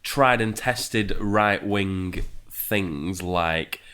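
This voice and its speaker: A man co-hosting a casual podcast, talking in halting restarts. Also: low-pitched, pushed and bright, smooth. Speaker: podcast co-host. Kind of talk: casual chat.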